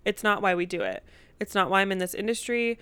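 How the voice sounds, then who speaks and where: A young woman co-hosting a podcast, chatting earnestly and walking through points in a measured way. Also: mid-range voice, sing-song, pushed and bright, clean tone, dry recording. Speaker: podcast co-host. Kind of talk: casual chat.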